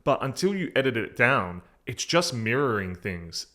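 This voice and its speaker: A man's voice: medium pitch, big pitch swings, moderate pace, pushed and bright. A man, co-hosting a podcast and telling stories in a rambling, conversational way. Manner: rambling storyteller, restarts his sentences. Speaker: podcast co-host, software company founder. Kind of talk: casual chat.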